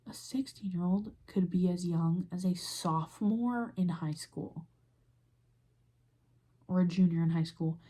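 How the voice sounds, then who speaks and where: A woman's voice: on the low side, unhurried, pauses often, warm tone. A young woman hosting a podcast, ranting in a heated, profane and exasperated way while doing her makeup and recording on her phone. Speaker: podcast host. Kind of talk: casual ranting commentary.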